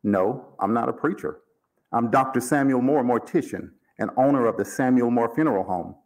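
A man reading aloud, voicing a calm, formal mortician who speaks with polite, amused menace. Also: medium pitch, lightly acted. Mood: cool menace. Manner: measured, formal, coolly amused. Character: calm, cold-blooded older male mortician, polite and menacing.

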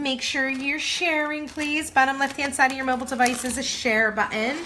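A woman's voice: fairly high pitch, background noise. A woman hosting a crafting livestream, chatting casually and greeting viewers by name in a bubbly, talkative way.

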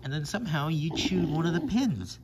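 Man, dog owner, home video; lively sing-song baby talk to pets, mid pitch, noticeable background noise. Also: a little fast. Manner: playful baby talk to dogs, voice jumping high. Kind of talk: casual home video chat.

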